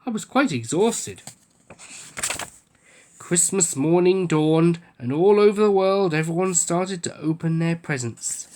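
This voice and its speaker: A man reading a children's picture book aloud, telling the story with lively delivery. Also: measured pace, a little hiss or hum. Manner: lively storytelling, raising pitch for quoted speech. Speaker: book reader.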